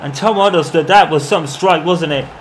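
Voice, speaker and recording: A man commentating on his own football video game in the manner of a match broadcaster, calling the play and getting loud at goals. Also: on the high side, moderate pace, slight background noise. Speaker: gaming commentator. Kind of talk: mock football match commentary over gameplay.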